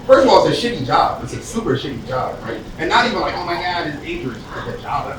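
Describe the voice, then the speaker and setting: A man's voice: on the high side, very animated, quick pace. Man doing stand-up in an echoey club. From US East Coast. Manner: conversational, profane, acts out characters in bits. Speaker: stand-up comedian. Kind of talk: stand-up comedy set. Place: comedy club stage with live audience. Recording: distant echoey club recording with audience noise.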